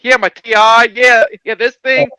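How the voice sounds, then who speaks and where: High, bright-voiced excitable man. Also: moderate pace, smooth, rough recording. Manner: excitable, laughs often, repeats himself. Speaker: livestream co-host. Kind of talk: casual chat.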